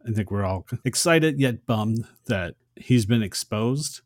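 Deep-voiced man, dry close sound. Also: lively intonation, measured pace, dry recording. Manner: agreeable, conversational. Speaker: podcast co-host. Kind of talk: casual film discussion.

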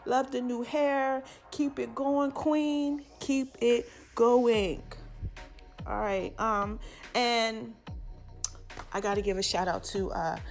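Animated slangy woman in her forties. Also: fairly high pitch. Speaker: vlogger. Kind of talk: casual shout-outs to family and friends.

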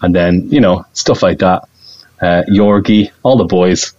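Low-voiced excitable man, dull lo-fi sound. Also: unhurried. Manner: excitable, rambling, laughs often. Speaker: podcast guest, actor. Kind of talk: casual podcast chat.

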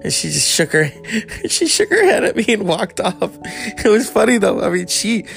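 Give me a man with a slightly high, gravelly voice telling a loose, candid story full of asides and swearing. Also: normal speed, faint music behind. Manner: rambling, candid, swears freely, animated asides. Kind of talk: casual storytelling monologue.

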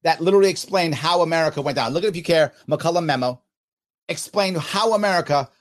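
A man in his fifties, a podcast host, talking casually and reading out listener comments with emphatic, animated delivery. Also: on the high side, fast talker. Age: 50s. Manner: animated, emphatic, quotes others in exaggerated voices.

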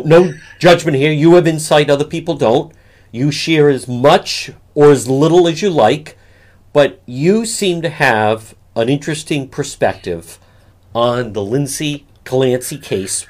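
A man hosting an interview talk show, earnest and careful, gently encouraging his guest. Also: medium pitch. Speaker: show host.

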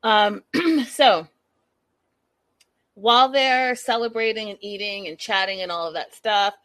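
Chatty woman doing a show recap, gossipy and lively, dry close sound. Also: mid-range voice, measured pace, no room sound. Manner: animated, gossipy, dramatic asides. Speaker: vlogger recapping a reality show. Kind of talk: casual chat.

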